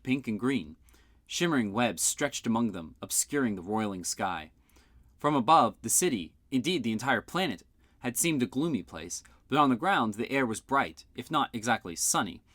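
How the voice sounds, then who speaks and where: A man narrates a fan-made science fiction audiobook, his pitch rising and falling widely as he reads. He reads expressively, leaning into the story's action. The recording is dry, with no room echo. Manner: expressive, voices the characters with shouts and big pitch jumps. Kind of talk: fan-made audiobook reading with character voices.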